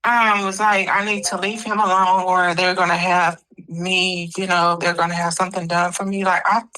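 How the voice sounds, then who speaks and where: A woman's voice: fairly low pitch, little pitch movement, normal speed, bright, forceful tone, rough recording. A woman answering interview questions in a hesitant, casual way, full of fillers. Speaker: interview guest. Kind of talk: casual chat.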